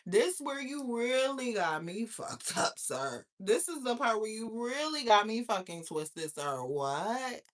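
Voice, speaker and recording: A woman hosting a casual storytime monologue, slangy and profane, swinging between loud outbursts and low asides. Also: big pitch swings, slow, hardly any pauses. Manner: slangy, emphatic street talk. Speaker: host.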